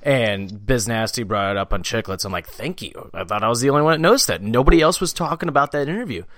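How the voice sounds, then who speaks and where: A man's voice: medium pitch, expressive, fast talker, a bit bright, dry recording, studio quality. Laid-back man, casual profane hockey talk. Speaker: podcast co-host. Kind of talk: casual sports chat.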